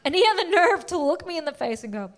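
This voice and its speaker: A woman doing stand-up comedy, telling a story in an animated, self-mocking way with lots of voiced quotes. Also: extremely high pitch, fast, slight background noise.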